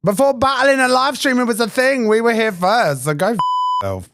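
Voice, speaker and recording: A man's voice: very high-pitched, lively intonation, fairly quick, creaky, noisy background. A man trading brash, sweary, mocking insults during a livestream battle. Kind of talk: taunting livestream banter.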